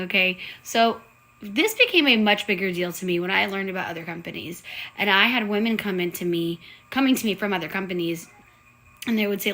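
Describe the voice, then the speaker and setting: A woman speaks with a bright, clear tone. She talks in an earnest, chatty way, like a sales director on a live video call. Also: medium pitch, low-quality recording. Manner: chatty, earnest, says y'all. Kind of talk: casual live-stream pitch.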